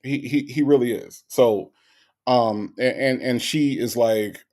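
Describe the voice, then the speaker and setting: A man's voice: medium pitch, normal speed, gravelly, a little mellow. A man hosting a casual commentary, talking bluntly and profanely and picking apart the words of a radio call. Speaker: host reacting to a radio clip.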